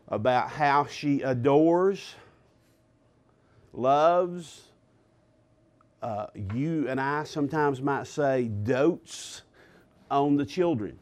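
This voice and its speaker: A man teaching a Bible lesson in a sermon style, pausing with fillers and checking in with his listeners. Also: a little high. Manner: deliberate, with filler pauses and rhetorical "okay?". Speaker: pastor teaching a class.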